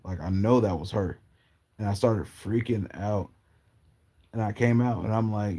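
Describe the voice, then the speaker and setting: A man from Portland telling personal stories in a casual, rambling, halting way with slang. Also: fairly low pitch, mellow. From Portland, Oregon, US. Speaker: storyteller. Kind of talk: casual storytelling.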